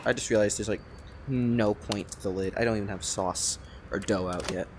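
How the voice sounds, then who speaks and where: A man giving let's-play commentary, rambling and excitable, swearing often and talking to himself as he plays. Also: fairly low pitch, moderate pace, noisy background. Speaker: gamer playing a cooking game.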